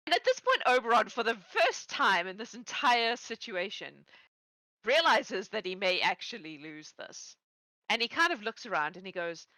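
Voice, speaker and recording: A woman narrating as game master of a tabletop game, telling the story in a relaxed, playful way. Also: mid-range voice, moderate pace, pauses often, no room sound, poor audio.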